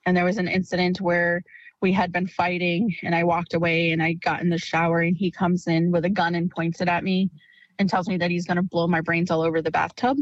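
A woman in her thirties speaking in a news interview, slow and halting. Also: on the low side, little pitch movement, no room sound, muffled recording. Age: 30s.

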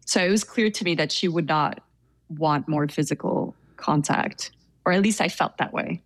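A woman's voice: low-pitched, moderate pace, no echo. A woman, introverted and hesitant, telling a personal story with many fillers. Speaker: interviewee. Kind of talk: casual storytelling.

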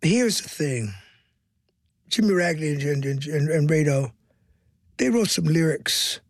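An older man recounts his past in a warm studio interview, his voice gravelly and husky. He repeats words as he gathers his thoughts and sinks to a near whisper when he wants weight on a line. The sound is dry and close. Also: a little high, unhurried, pauses often, dry recording. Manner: expressive, repeats words, drops into hushed tones for emphasis. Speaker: guest, stage performer. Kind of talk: interview storytelling.

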